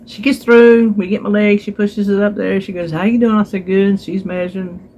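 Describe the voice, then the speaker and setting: Woman vlogger, chatty, animated storyteller, phone recording at home, faint background hiss. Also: medium pitch, moderate pace. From North Carolina. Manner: chatty, animated retelling with voiced quotes. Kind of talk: casual storytelling to viewers.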